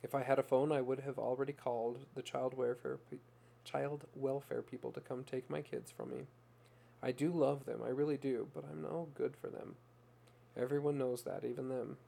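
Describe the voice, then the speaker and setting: A man's voice: medium pitch, flat delivery, moderate pace, vocal fry, dark tone. A man voicing a desperate young mother who pours out a raw, plain-spoken confession in a story reading. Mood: despairing.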